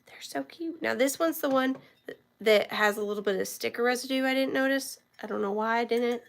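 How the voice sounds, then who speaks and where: A slightly high, gravelly voice moves briskly as this online reseller runs her home live-stream auction with a throat sore from talking. She chats with viewers, greeting them by name while showing every item.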